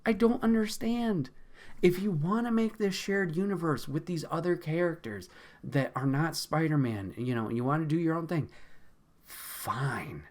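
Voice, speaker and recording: A man's voice: fairly high pitch, a little slow. A man hosting a podcast in a casual, profane, exasperated rant, laughing often. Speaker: podcast host.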